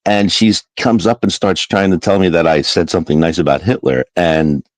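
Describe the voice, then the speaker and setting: Deep-voiced man laughing through his stories. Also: moderate pace, dry recording, poor audio. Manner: laughs often, swears, rambling storytelling. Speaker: livestream host. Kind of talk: casual chat on a livestream.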